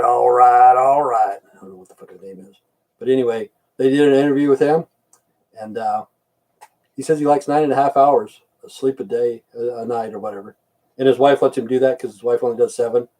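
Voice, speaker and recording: A man's voice: medium pitch, warm tone, far from the mic. An older man hosting a casual livestream, rambling in blunt, profane rants. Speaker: livestream host.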